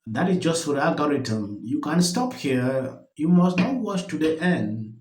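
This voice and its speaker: A man's voice: a little high, sing-song, a little slow, a little mellow, reverberant, poor audio. A man hosting a reaction commentary channel, speaking emphatically and with disbelief.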